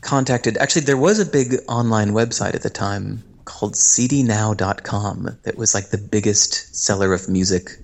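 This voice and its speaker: A middle-aged man telling stories as an interview guest, animated, acting out quoted voices and laughing as he goes. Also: lowish voice, normal speed, vocal fry, hardly any pauses. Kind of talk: storytelling interview.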